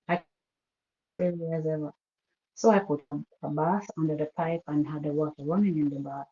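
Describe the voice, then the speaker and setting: A woman calls in to a live show and tells a hard family story in a quiet, halting voice, stopping and restarting often. Her voice is mellow and darkish. It comes through a poor, muffled phone connection. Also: low voice, fairly even intonation. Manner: soft-spoken, halting with restarts. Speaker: caller. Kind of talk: emotional personal story on a call-in show. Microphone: phone call.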